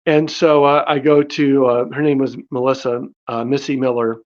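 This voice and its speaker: A man casually telling his life story, animated, with many fillers and restarts. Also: medium pitch, normal speed, lo-fi sound. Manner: animated, acts out quoted dialogue in his own voice.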